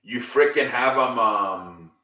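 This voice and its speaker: A man's voice: mid-range voice, slow, pushed and bright, roomy sound, far from the mic, rough recording. A man hosting a casual, improvised recap show. He rambles, swears and openly shows his frustration. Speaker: host.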